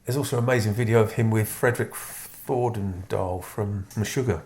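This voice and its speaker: A middle-aged man as an interview guest, talking in a thoughtful, unhurried way that trails off and restarts. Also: lowish voice, a little mellow. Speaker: musician guest. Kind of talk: casual interview chat.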